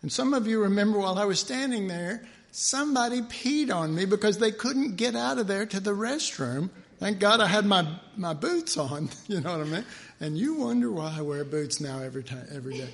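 A man preaching a sermon in a chatty, joking way, telling stories and doing quick voices of people in them. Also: high-pitched, animated, fairly bright tone. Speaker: pastor.

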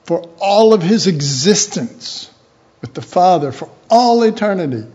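A man with a high-pitched voice teaches the Bible in a slow, unhurried way. He keeps it informal and chatty, acting out little imagined dialogues as he goes. The recording sounds dull and lo-fi. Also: expressive, dark tone.

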